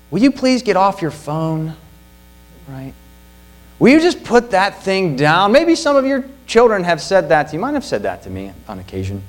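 A middle-aged male pastor preaching with a lively, rising and falling delivery that sits a little high for a man. He talks earnestly, leaning on rhetorical questions. A faint mains hum runs under the recording. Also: poor audio. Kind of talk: sermon.

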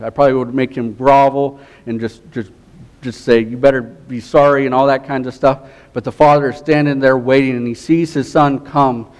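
A middle-aged man preaching a sermon, earnest, often falling to a soft hush on key lines. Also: mid-range voice, rough recording. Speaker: pastor.

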